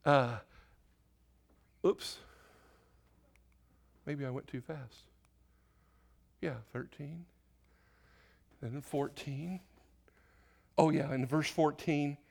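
A man's voice: fairly high pitch, vocal fry. A male pastor preaching an informal sermon to a church congregation, correcting himself often and putting questions to the room. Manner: off-the-cuff, self-correcting, asks the congregation questions. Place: church sanctuary.

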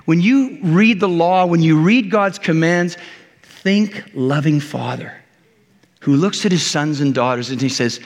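A man's voice: a little high, unhurried, big-room sound. Man preaching a casual, jokey sermon. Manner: conversational, jokey, with many restarts and acted-out quotes. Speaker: pastor.

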